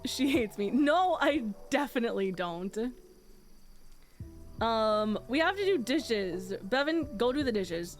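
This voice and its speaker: A woman streamer chatting casually with her viewers, swearing freely and laughing often. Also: a little high.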